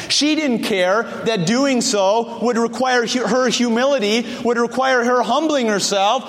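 A man preaching a sermon, animated, acting out the voices of people he quotes. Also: high voice. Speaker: pastor. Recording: church hall reverb.

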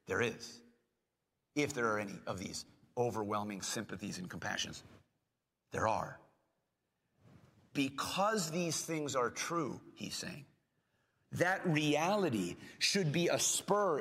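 A man preaching a sermon as pastor, earnest, asking his hearers questions and dropping at times to a soft, gentle tone. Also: a little high. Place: church sanctuary. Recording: long hall reverb.

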